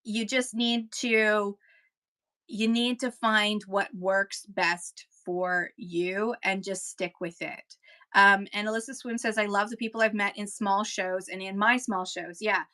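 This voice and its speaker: A woman's voice: mid-range voice, steady tone, measured pace, pushed and bright. A woman hosting a live seller chat, talking casually and rambling, slipping into auctioneer patter, with a Kentucky accent. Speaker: host giving seller tips.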